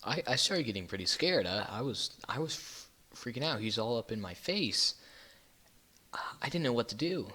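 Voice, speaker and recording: A man's voice: medium pitch, very animated, normal speed, bright, forceful tone, husky. A young man casually telling a personal story to his channel, rambling with fillers and correcting himself as he goes. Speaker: YouTuber.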